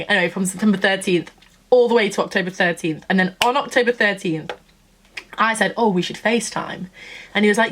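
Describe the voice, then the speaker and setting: A woman's voice: medium pitch, fast talker, a bit bright. A woman in her twenties from England, telling a story in a gushing, chatty vlog style and acting out what people said. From Nottingham, England. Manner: chatty, gushing, acts out quotes. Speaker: vlogger. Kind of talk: casual storytelling chat.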